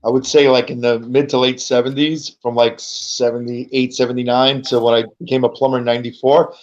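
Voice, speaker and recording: A man's voice: medium pitch, level tone, fairly quick, a little mellow. A man, a guest chatting casually on a podcast, rambling with lots of stammered repeats. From New York. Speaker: guest, comic book street seller. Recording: dull lo-fi sound.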